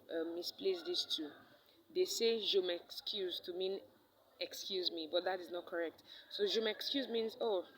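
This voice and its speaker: A woman's voice: on the low side, a bit bright, poor audio. A woman teaching a French lesson in English, repeating each phrase and checking in with "all right?". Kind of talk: recorded language lesson.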